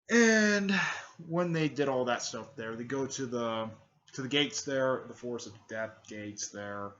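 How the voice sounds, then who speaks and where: A man's voice: medium pitch, lively intonation, measured pace, a bit bright, muffled recording. A man casually recapping an anime fan story, rambling with many fillers and restarts. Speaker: video host.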